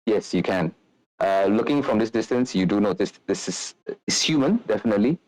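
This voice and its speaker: A deep-voiced man runs a tabletop game, describing the scene at length with plenty of fillers and restarts. The recording is dry, with little room sound. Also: lively intonation, brisk, darkish tone, no echo, low-quality recording. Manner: rambling, filler-heavy description. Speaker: game master.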